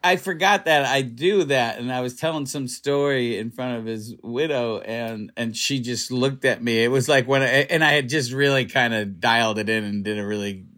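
A middle-aged male comedian talking casually in a radio interview, halting, full of restarts and "you know", soft and reflective. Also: medium pitch. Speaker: comedian guest.

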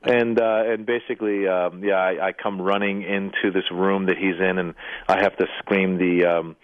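A man, a comedian and actor, telling stories in a radio interview, relaxed and self-deprecating with frequent hesitations. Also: deep voice, moderate pace, no room sound. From Iranian-American family. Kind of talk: casual anecdote-telling interview. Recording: dry, phone-like radio line.

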